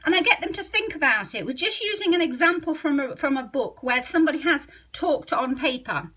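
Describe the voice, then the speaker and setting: A middle-aged woman, a literacy teacher trainer, explains a spelling method while leafing through a book, thinking aloud and sounding words out slowly. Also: sits high, expressive, a bit bright.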